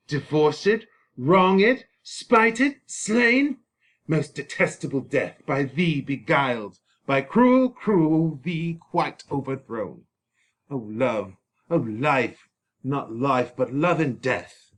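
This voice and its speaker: A man's voice: a little high, very animated, slow pace, fairly bright tone, pitched above the performer's own voice, full character voice. A man reading aloud the part of a self-pitying young nobleman, building an indignant outcry. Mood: indignant grief.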